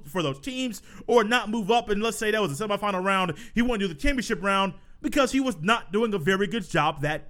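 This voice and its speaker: A man's voice: sits high, fairly bright tone. A man hosting a solo sports podcast who tells stories in a casual, chatty way, laughing and repeating himself. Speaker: podcast host.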